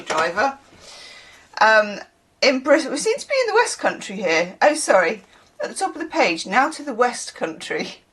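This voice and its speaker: A woman's voice: medium pitch, fairly bright tone. A woman from the UK, a tarot reader who chats in a rambling way, with laughing asides. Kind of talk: casual chatty reading.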